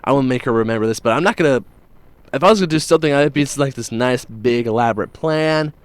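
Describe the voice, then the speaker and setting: A man's voice: mid-range voice, quick pace, clean tone, no echo. A man hosting a morning show, telling news stories in a rambling, jokey way with plenty of fillers. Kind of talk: casual radio-style chat.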